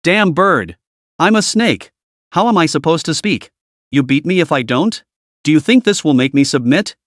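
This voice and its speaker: A man's voice: on the high side, expressive, normal speed, no echo, studio quality, lightly acted. A man voicing a proud two-headed python beast that is defiant yet aggrieved.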